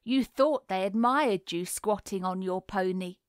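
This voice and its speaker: A woman reading the part of a smug, taunting boy who drawls his words slowly. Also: medium pitch, dry recording, studio quality, lightly acted. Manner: slow drawl.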